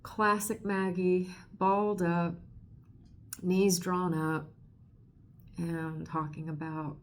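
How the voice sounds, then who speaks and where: A woman's voice: fairly low pitch, flat delivery, takes it slowly. A woman hosting a podcast in a casual book discussion. She gushes with emotion, laughs often, and trails off into restarts. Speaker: podcast host.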